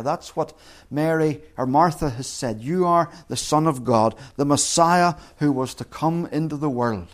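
A man preaching a sermon as pastor, earnest, dropping to hushed quotes and rising to emphatic peaks. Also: fairly high pitch, a little slow.

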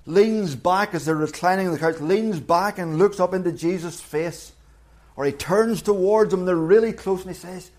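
A man preaching a sermon in an earnest manner, his pitch rising and falling as he acts out the story. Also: darkish tone. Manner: earnest, wide pitch swings when acting out voices.

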